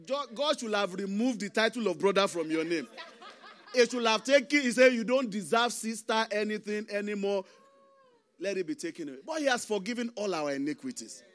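A man, a pastor preaching a sermon with impassioned swings between loud emphasis and hushed asides. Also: sits high, sing-song, brisk. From Nigeria.

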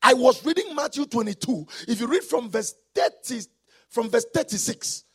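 A man from Nigeria preaching a sermon as pastor, with a raspy voice, often shouting or singing out his phrases. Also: very high voice, expressive, normal speed.

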